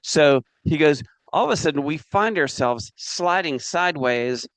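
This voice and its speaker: A man leading a live business training seminar, energetic and coaxing the audience to join in. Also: fairly high pitch, unhurried, dry recording.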